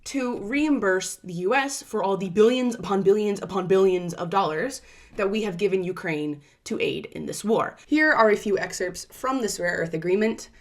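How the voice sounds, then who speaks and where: Brief: young female host, casual explainer delivery, brisk, playful with quotes. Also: mid-range voice. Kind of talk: explainer commentary.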